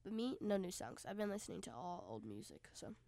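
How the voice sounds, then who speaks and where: A young woman co-hosting a casual podcast chat, congested and often dropping to a soft near-whisper. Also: medium pitch, big pitch swings, fairly quick, creaky, dry recording. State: congested nose. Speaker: podcast co-host.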